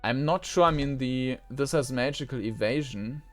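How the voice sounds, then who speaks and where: A man giving casual let's-play commentary as he plays a role-playing game. He muses and thinks aloud at an ordinary middle pitch. Soft game music plays faintly behind his voice. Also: moderate pace. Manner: musing, thinks aloud with fillers.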